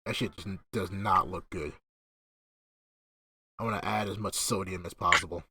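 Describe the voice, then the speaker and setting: A man hosting a casual podcast chat, talking excitably, swearing freely and laughing often. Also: low voice, moderate pace, husky. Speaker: podcast host. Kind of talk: casual gaming-friends chat.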